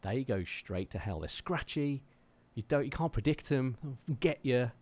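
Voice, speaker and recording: A man's voice: mid-range voice, expressive, normal speed, a little mellow, dry recording. A man from Wolverhampton with a faint West Midlands accent, chatting casually with viewers on a livestream from his home drum room in a jokey, self-deprecating way. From Wolverhampton, England. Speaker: drummer streaming his practice.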